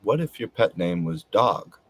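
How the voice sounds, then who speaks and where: Casual rambling host, very deep and slow, husky, lots of filler words. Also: male voice, sing-song, fairly bright tone. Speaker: podcast host.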